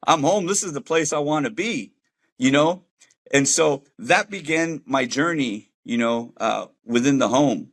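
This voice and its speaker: A man with a medium-pitched, somewhat bright voice speaks a little slowly but with animation. Once a gang member, he gives an earnest, heartfelt faith testimony about leaving that life, talking casually in street slang.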